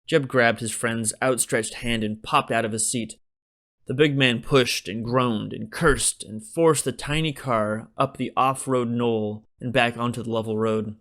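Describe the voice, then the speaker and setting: A man's voice: medium pitch, fairly even intonation, measured pace, a bit bright. Man narrating a comic audiobook. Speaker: author narrating his own audiobook.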